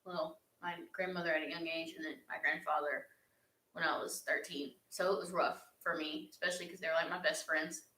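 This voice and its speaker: Bright-voiced young woman, heartfelt chat. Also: low voice, fairly even intonation, fairly quick. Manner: earnest, heartfelt, chatty with laughs. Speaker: YouTuber answering fan questions. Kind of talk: casual chat. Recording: echoey room.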